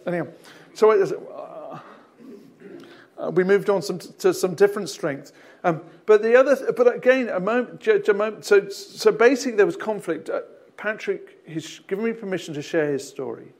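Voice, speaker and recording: A man's voice: sits high, moderate pace, darkish tone. A male pastor with an Australian accent, telling a rambling anecdote in a sermon with lots of restarts and chuckles. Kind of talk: storytelling sermon.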